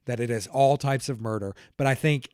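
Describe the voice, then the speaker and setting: A man's voice: medium pitch, brisk, darkish tone, clear, resonant tone, no room sound, studio quality. A man hosting a podcast, talking casually and thinking aloud, laughing often between points. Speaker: podcast host.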